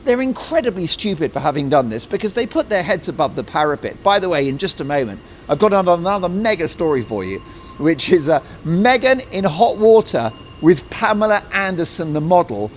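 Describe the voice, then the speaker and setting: A middle-aged man hosting an opinionated talk show monologue, mocking and animated, breaking into jokey put-on voices. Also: sits high, fairly quick, slight background noise. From Britain.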